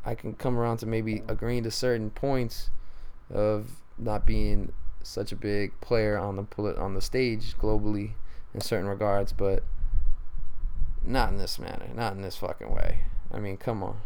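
Gravelly, profane podcast host ranting. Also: male voice, lowish voice, darkish tone. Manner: profane, rambling, exasperated. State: tired. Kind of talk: casual solo rant.

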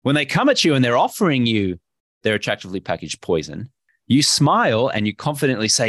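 A man with an Australian accent, speaking as a guest in an energetic, emphatic and playful interview. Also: medium pitch, brisk, no room sound, studio quality. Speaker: podcast guest, health coach.

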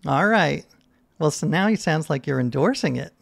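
Playful high gravelly male quiz host. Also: lively intonation, moderate pace, no echo. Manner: teasing, jokey, reads clues aloud. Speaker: puzzle podcast host.

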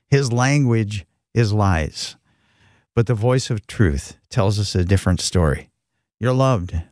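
A man co-hosting a devotional talk show, speaking in a steady, pastoral, reassuring way. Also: lowish voice, dry recording, studio quality.

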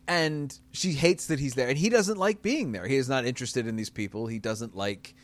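A man hosting a podcast in casual chat, chatty and quick to laugh. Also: medium pitch.

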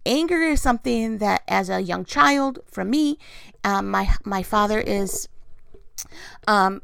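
A woman's voice: a little high, vocal fry, fairly bright tone, smooth, no room sound. A woman talking candidly and confessionally about her faith and her life, with laughs as she tells stories. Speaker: christian vlogger. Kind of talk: personal devotional talk.

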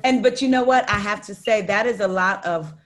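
A woman co-hosting a casual podcast chat, chatty and quick to agree. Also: mid-range voice, over a noisy crowd. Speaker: podcast co-host.

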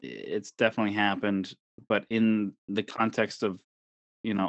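Low-voiced easygoing comedy producer. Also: male voice, steady tone, moderate pace, creaky, no room sound, lo-fi sound. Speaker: comedy show producer and sports official. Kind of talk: casual chat.

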